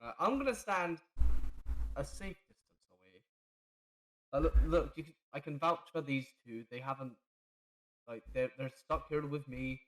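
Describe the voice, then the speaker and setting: Male player, brash and sweary, slightly high voice. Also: normal speed, long pauses, poor audio. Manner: blunt, swears freely. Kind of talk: in-character tabletop play.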